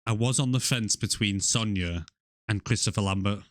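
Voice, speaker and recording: A man's voice: on the low side, normal speed, no room sound, studio quality. A man co-hosting a movie podcast in casual banter, laid-back, blunt and sweary. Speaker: podcast co-host.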